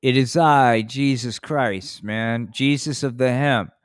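A man voicing a preachy stoner messiah in a comedic puppet show, loud and sermonizing with a drawn-out drawl. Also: mid-range voice, clean tone, dry recording, studio quality, lightly acted. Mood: mellow preachy.

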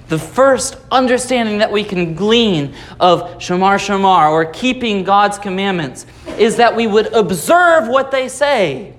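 A man's voice: high voice, lively intonation, a little slow, hardly any pauses, fairly bright tone. A man preaching a Sunday sermon, explaining scripture patiently and repeating key phrases for emphasis. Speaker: pastor.

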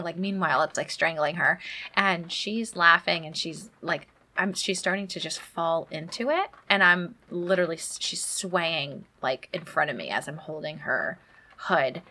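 A woman's voice: lowish voice, a little slow, sharp tone. A woman in her thirties co-hosting a podcast, telling a story in a chatty, laughing way. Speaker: podcast co-host. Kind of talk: casual chat.

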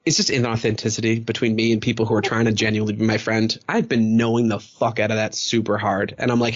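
A man's voice: on the low side, level tone, fast talker, few pauses, dull audio. A man hosting a casual podcast chat, rambling with many fillers and acting out quoted dialogue. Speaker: podcast host.

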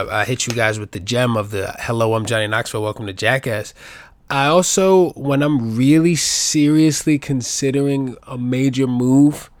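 Young male podcast host, loose and jokey, swears freely, mid-pitched, dry close sound. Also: no room sound. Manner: profane, rambling, jokey asides. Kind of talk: casual rambling monologue.

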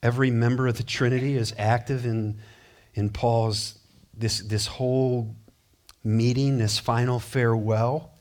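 A male pastor preaching a sermon, animated, acting out quoted voices and swinging from loud declarations to hushed, low passages. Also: a little slow.

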